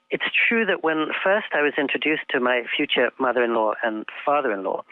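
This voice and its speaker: An older man from England, speaking as an interview guest in an articulate, reflective way, pausing with fillers as he thinks. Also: mid-range voice, no echo. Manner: thoughtful, articulate, halting with fillers. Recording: tinny phone line, dry.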